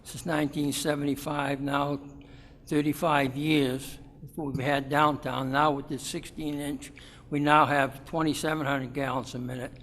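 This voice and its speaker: A man speaking up at a town meeting, explaining a point in a halting way, with restarts and fillers. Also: on the high side, little pitch movement, fairly bright tone. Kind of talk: public comment. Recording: long hall reverb.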